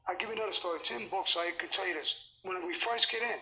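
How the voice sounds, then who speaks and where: A man's voice: high-pitched, quick pace, vocal fry, low-quality recording. A man, telling blunt, profane stories as an interview guest. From United States. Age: 70s. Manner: blunt, profane, animated storytelling. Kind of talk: storytelling in a sit-down interview.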